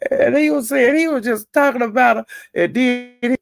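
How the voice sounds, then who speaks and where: A woman's voice: a little high, unhurried, vocal fry, no echo. A woman hosting a livestream, retelling an online feud in a chatty, gossipy way and calling her listeners "child". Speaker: livestream host.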